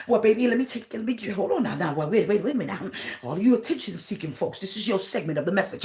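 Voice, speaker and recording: A woman pastor preaching fervently, breaking into shouts, tagging nearly every phrase with a questioning "huh?", with humorous asides. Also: medium pitch, lively intonation, quick pace. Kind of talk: sermon.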